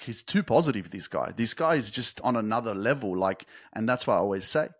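A young man hosting a motivational podcast, talking straight to his listeners and swearing freely. He builds from plain talk to loud, fast, emphatic peaks. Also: on the low side, no echo, clean studio sound. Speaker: podcast host.

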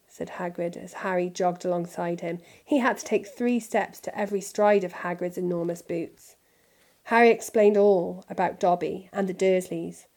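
A woman reading a children's novel aloud in steady, clear narration. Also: on the low side, normal speed. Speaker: storybook reader.

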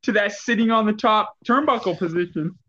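A man's voice: sits high, a little fast, pushed and bright, dull audio. A man casually telling a story on a podcast, laughing often as he goes. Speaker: podcast co-host.

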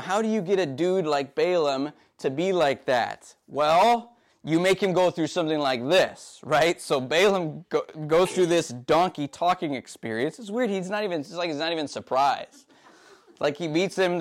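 High-voiced man preaching casually. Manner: conversational, often tags "right?"; acts out voices of characters while retelling. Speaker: pastor. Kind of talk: sermon.

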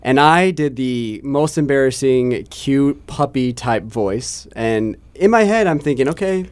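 A man's voice: medium pitch, lively intonation, a little slow, clean tone. A man, a TV news reporter, chatting casually and telling a self-deprecating story with many restarts. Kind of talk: casual chat, telling an anecdote.

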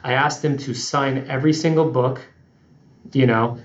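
A man's voice: mid-range voice, normal speed, echoey room, dull audio. A man being interviewed as a company CEO, telling stories in a casual podcast chat and acting out other people's lines as he goes. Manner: animated storyteller, acts out quotes. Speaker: guest CEO.

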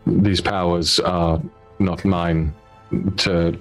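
A man playing a dignified, dog-tired adventurer who speaks in stiff, old-fashioned phrases. His voice is very deep and unhurried, with faint music behind it. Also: little pitch movement, full character voice. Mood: formal. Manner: formal, archaic phrasing.

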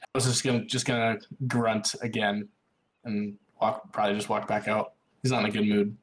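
A man's voice: lowish voice, little pitch movement, normal speed. A man playing a tabletop fantasy game, describing his character's actions hesitantly, with many filler words. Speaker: player. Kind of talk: casual tabletop play.

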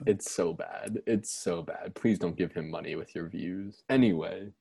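A man co-hosting a podcast, chatting casually and telling animated stories. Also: deep voice, moderate pace, creaky, breathy edge, no room sound, studio quality. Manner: animated storyteller, mimics voices for laughs. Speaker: podcast co-host. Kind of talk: casual chat.

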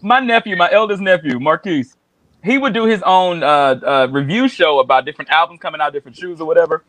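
A man co-hosting a casual talk show, animated and laughing often as he acts out quotes. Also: fairly high pitch, fast, dry recording. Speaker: podcast co-host. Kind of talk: casual chat.

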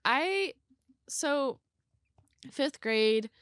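Young female co-host, slow and giggly, dry close mic, casual storytelling. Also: sits high, expressive, fairly bright tone, dry recording. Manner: giggly, easily amused storyteller. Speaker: podcast co-host. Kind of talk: casual chat.

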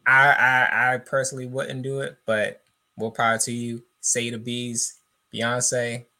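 Bright-voiced easygoing podcast man. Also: mid-range voice, level tone, measured pace. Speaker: podcast co-host. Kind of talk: casual podcast banter.

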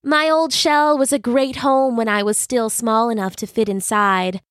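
A sensible, bookish young crab girl in a children's storybook, read by a woman, speaking gently and reassuringly in a raised, kindly voice. The sound is dry and close. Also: fairly high pitch, steady tone, a little slow, no echo. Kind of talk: storybook reading.

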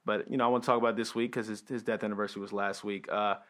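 A man hosting a casual podcast chat, laid-back and filling pauses with "like" and "um". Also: lowish voice, flat delivery, a bit bright. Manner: laid-back, many fillers like "like" and "um". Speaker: podcast host.

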